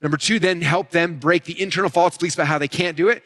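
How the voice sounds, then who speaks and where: Fast, lively man teaching marketing. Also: on the high side. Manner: fast, energetic, acts out customer voices. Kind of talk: live event teaching talk.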